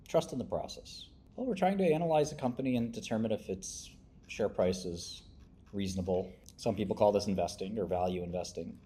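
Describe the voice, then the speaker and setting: A young man in casual livestream stock commentary, offhand and sardonic, with deadpan asides. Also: on the low side, slight background noise. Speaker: stock-review streamer.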